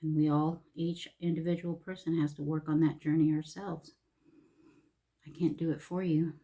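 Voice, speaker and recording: A middle-aged woman with a drawl talks in a low, mellow voice. She chats casually and reflectively for her vlog, softly and from the heart, sometimes dropping almost to a whisper. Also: flat delivery, normal speed. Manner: soft-spoken and heartfelt, often dropping to a near whisper. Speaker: vlogger.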